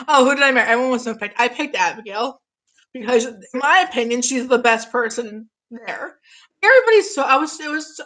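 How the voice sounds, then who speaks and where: A young woman in her twenties chats eagerly on a live stream, her voice sitting a little high. She is getting over an illness and talks in a gushing, rambling way, answering viewer comments. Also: fairly bright tone. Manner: gushing, chatty, reads out chat comments. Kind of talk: casual live-stream chat.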